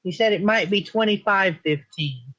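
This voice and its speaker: A woman's voice: mid-range voice, lively intonation, moderate pace, a bit bright. A woman answering briefly and hesitantly in a study session. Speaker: study partner. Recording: dull lo-fi sound.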